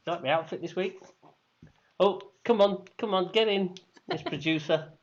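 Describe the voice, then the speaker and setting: A man's voice: sits high, moderate pace. A man hosting a weekly online quiz in casual chat, hesitant and full of ums, switching between English and German. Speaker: quiz host. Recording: dull lo-fi stream audio.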